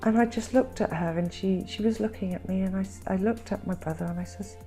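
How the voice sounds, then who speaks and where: A woman vlogger recounting her family estrangement in an emotional, halting way, repeating words when upset and close to tears at times. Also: medium pitch, warm tone, faint music behind. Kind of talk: personal storytelling.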